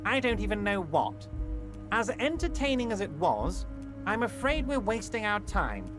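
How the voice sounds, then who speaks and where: An actor playing a jovial, scheming, heavyset union boss who talks in a smooth, patronizing, falsely reassuring way. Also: male voice, high voice, sing-song, moderate pace. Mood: ingratiating. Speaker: video game character. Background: game music.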